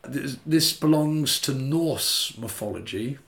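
An English man co-hosts a casual podcast, rambling through a gruesome tale with plenty of restarts and the odd swear word. His voice sits at an ordinary middle pitch. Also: animated, slow pace, gravelly, a bit bright. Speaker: podcast co-host. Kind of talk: casual chat.

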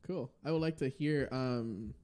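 Mellow-voiced upbeat male podcast host. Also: medium pitch, a little slow. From US Northeast. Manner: upbeat, faith-filled, chatty with fillers. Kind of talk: casual podcast interview.

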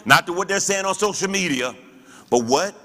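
A man's voice: high-pitched, animated, normal speed, sharp tone, long reverb tail. A man teaching as a pastor in church, preaching with rhetorical questions and call-and-response.

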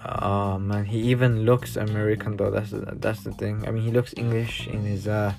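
Gravelly man reading news with sighs. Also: lowish voice, level tone, music in the background. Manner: reads aloud haltingly with sighing asides. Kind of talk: casual news reaction.

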